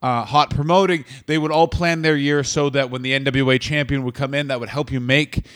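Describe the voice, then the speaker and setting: A Canadian man, a stand-up comedian co-hosting a casual comedy podcast, talking fast and profanely. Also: mid-range voice, steady tone, a bit bright. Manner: fast, profane, riffing into silly voices.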